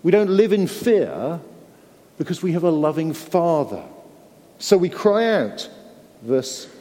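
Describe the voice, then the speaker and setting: Guy preaching in a church, kinda high voice, earnest, stumbles and repeats himself a lot. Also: sing-song, slow, dark tone. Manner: earnest, with frequent stumbling repeats and tag questions. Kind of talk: sermon. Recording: long hall reverb.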